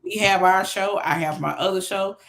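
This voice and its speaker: A woman's voice: medium pitch, steady tone, moderate pace, a bit bright. A woman co-hosting a casual podcast, telling stories in a laid-back, colloquial way. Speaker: podcast co-host. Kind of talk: casual chat.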